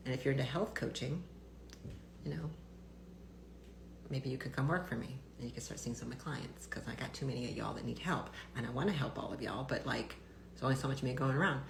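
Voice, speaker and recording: Low voiced lady doctor ranting on her stream, blunt, swears a lot, echoey room. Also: creaky, a little hiss or hum. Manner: blunt, swearing, many fillers and restarts. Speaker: doctor hosting a live stream. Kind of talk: casual live-stream rant.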